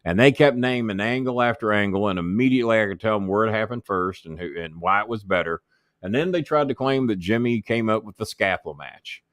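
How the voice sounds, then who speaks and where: A man appears as an interview guest, animatedly telling profane anecdotes packed with swearing and imitations of the people in them. His voice is lowish and fairly quick, captured as a dry, clean studio recording.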